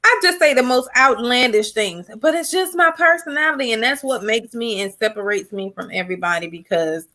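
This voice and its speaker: A woman guest on a casual livestream talk show, an animated storyteller. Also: a little high, brisk, hardly any pauses. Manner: animated storyteller, mimics family voices. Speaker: guest YouTuber.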